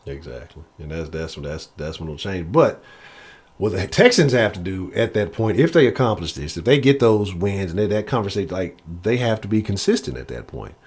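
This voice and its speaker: A man hosting a live sports talk show, casual and profane, often jumping up in pitch when he mimics critics. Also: animated, fairly quick, husky. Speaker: sports podcast host.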